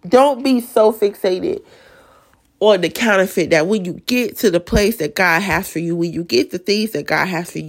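Raspy-voiced woman sharing emotional testimony. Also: on the low side. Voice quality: raspy voice from sinuses. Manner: emotional, earnest faith testimony with stutters and restarts. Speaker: Bible study leader. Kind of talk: casual devotional talk.

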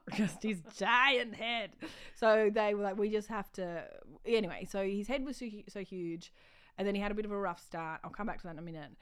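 A woman's voice: mid-range voice, moderate pace, a bit bright, clear, resonant tone. A woman comedian chatting casually in an interview, telling self-mocking stories and laughing often. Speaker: comedian guest.

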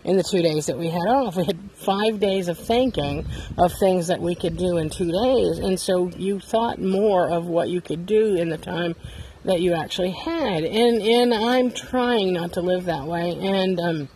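A woman's voice: lowish voice, a little slow, mellow, a little hiss or hum. A woman hosting a casual monologue podcast, talking candidly and rambling, sitting outdoors beside her bus. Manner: rambling, candid, self-deprecating. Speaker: podcast host.

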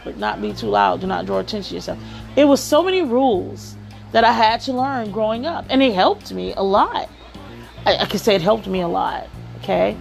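A woman's voice: medium pitch, creaky. A woman hosting a podcast, giving advice in a chatty storytelling way and often saying "you know.". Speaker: podcast host. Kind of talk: casual advice monologue.

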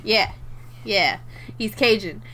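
A woman's voice: mid-range voice, slow, pushed and bright, slightly rough. A woman co-hosting a casual chat, retelling a film and acting out its characters' lines with laughs. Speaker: podcast co-host.

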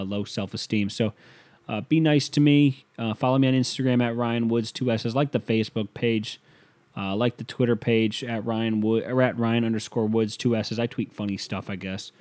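A man hosting a podcast, delivering a casual comedic monologue as a profane, rambling rant that swings between mumbled asides and loud outbursts. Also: mid-range voice. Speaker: podcast host.

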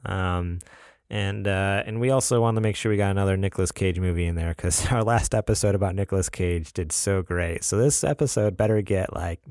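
A man's voice: low voice, fairly quick, a little mellow, dry recording, studio quality. A man co-hosting a podcast in casual chat, laid-back and laughing often, with many fillers. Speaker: podcast co-host.

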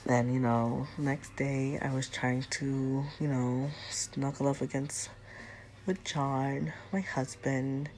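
A woman's voice: rumbling low, level tone, takes it slowly, darkish tone. A woman chatting casually and confidingly to her viewers, telling a personal storytime confession. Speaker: storyteller vlogger.

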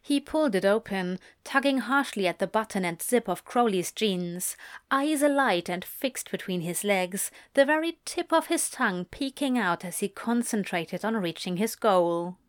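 A woman narrating a story aloud, calm and steady in tone. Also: mid-range voice, normal speed, no echo, clean studio sound. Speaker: audiobook reader. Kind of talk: scripted fiction narration.

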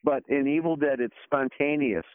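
A man's voice: mid-range voice, normal speed, clean tone, no room sound. A man, a guest, telling stories in casual chat, heard over a phone line. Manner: rambling, animated storyteller.

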